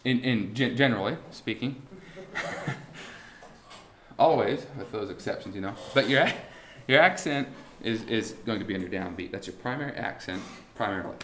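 A man teaching a class on musical timing, talking haltingly with many restarts and asking the students rhetorical questions. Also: lowish voice, animated, fairly bright tone, echoey room, a little hiss or hum. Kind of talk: classroom lesson on beat patterns. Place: warm indoor classroom.

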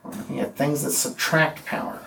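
A man teaching a poetry class, speaking haltingly with restarts and counting out the beats of meters. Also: fairly high pitch, fairly even intonation, creaky, sharp tone, a little hiss or hum. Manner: halting, many restarts and fillers, counts out rhythms. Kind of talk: classroom lecture. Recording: echoey room from far off.

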